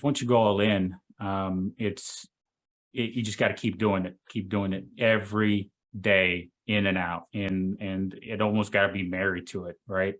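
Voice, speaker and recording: A man hosting a video call, asking his guest questions in halting speech with many restarts. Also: fairly low pitch. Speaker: host.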